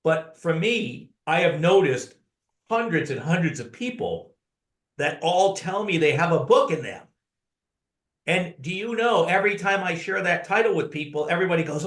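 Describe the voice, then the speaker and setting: An earnest man telling personal stories as an interview guest. His voice sits a little high for a man. He is recorded in a roomy, echoey space. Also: lively intonation, moderate pace, fairly bright tone. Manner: earnest storyteller who addresses the host by name. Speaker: podcast guest, author. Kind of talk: conversational storytelling.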